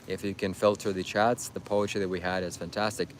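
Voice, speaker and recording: A man with a fairly low voice delivers a livestream monologue straight to his viewers. He lectures in a preachy, insistent way and circles back to the same points again and again. A faint hiss of background noise sits under the voice. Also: little pitch movement, brisk. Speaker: livestream host. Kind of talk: livestream monologue addressing chat.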